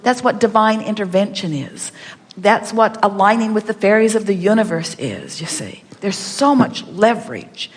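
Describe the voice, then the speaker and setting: A woman addresses a seminar audience in the first person plural, emphatic and insistent, circling back to the same phrases again and again. Her voice is mid-pitched. It rings out through a large hall with a long reverb tail. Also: animated, moderate pace. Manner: speaks as "we", emphatic and repetitive. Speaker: speaker answering audience questions. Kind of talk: inspirational seminar talk.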